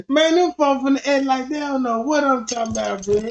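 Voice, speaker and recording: A man with a high voice rants through crude comic stories on a livestream, cursing and rambling from one bit to the next. The audio is dull and lo-fi. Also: fairly quick, creaky. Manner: profane, rambling storytelling. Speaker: streamer. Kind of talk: comedic livestream rant.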